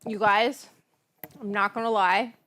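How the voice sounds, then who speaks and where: Slow-talking giggly woman cooking host. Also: medium pitch, fairly even intonation, fairly bright tone. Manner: chatty, giggly, savoring food aloud. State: stoned. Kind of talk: casual livestream cooking chat. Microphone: clip-on mic.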